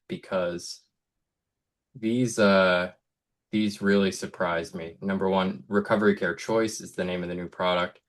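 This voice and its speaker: Low-voiced American man hosting a study call. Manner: relaxed, thinking aloud with fillers. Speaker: study group host. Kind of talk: casual webinar discussion.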